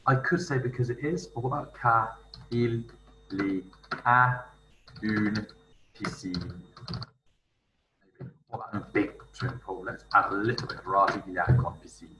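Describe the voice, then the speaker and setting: A man teaching in a screen-recorded tutorial, thinking aloud as he types and reading French phrases slowly. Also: fairly low pitch, steady tone, far from the mic. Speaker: language teacher. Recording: roomy room with faint noise, slightly off-mic.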